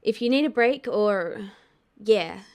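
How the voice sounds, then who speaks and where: A woman's voice: mid-range voice, lively intonation, slow pace. A woman plays a jittery young trooper, earnest and a bit hesitant, stumbling over his words. He sounds sincere and eager to help. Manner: hesitant, earnest, hushed at times.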